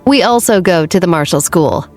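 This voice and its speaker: A woman's voice: on the low side, expressive, moderate pace, soft background music, close to an everyday voice. A woman voicing a carefree teenage girl who talks eagerly and bluntly. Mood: excited.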